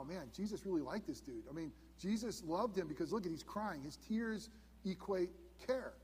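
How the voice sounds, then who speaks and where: A man in his fifties preaching a sermon as pastor, earnest, dropping to hushed emphasis on key points. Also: fairly high pitch, slightly rough, long reverb tail. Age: 50s. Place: church sanctuary.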